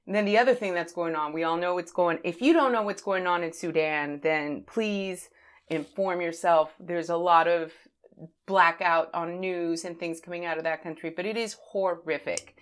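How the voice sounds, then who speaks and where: A woman from the United States hosting a podcast, speaking in a candid, opinionated casual monologue that swings from fired-up to soft. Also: fairly low pitch, steady tone, normal speed. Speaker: podcast host.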